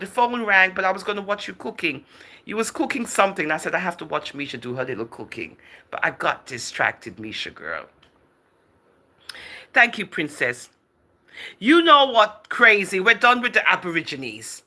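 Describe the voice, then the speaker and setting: Livestream host, woman, chatty and teasing, with a bright voice that swoops up and down; laughs a lot and answers comments as they come. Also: mid-range voice. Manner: chatty and teasing, often laughing, calls viewers darling and girl. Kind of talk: casual livestream chat, reading out viewer comments.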